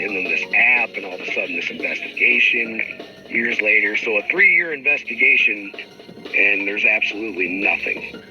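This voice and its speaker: A man's voice: fairly low pitch, bright, forceful tone. A middle-aged man hosting a livestream, talking in a frustrated, rambling, profane way. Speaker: livestream host. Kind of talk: casual livestream rant. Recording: dull lo-fi stream audio with music.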